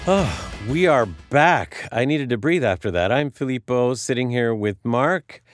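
A man's voice: medium pitch, lively intonation, unhurried, faint music behind. A man hosting a radio talk show, earnest and emotional, telling a personal story with frequent restarts, a native Sicilian speaker. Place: radio studio.

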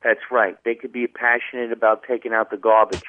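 A middle-aged comedian from New Jersey with a New Jersey accent, telling stories with plenty of jokes and laughs. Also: male voice, medium pitch, little pitch movement, brisk. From New Jersey, USA. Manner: jokey storyteller, laughs often. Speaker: stand-up comedian guest. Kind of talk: casual phone interview. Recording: dry tinny phone line.

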